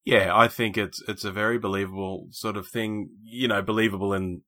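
A man in a casual film chat, speaking in a measured, matter-of-fact way. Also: fairly low pitch, steady tone, sharp tone.

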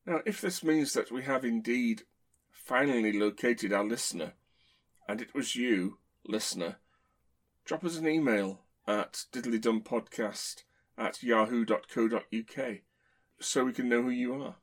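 A man's voice: medium pitch, a little slow. A man co-hosting a podcast, making dry teasing remarks in casual chat. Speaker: podcast co-host.

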